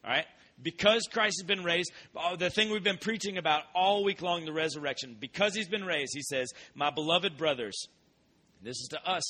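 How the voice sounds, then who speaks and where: A man's voice: on the high side, normal speed. A young man preaching a sermon, telling stories and acting out voices with lots of energy. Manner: animated storytelling, acts out voices.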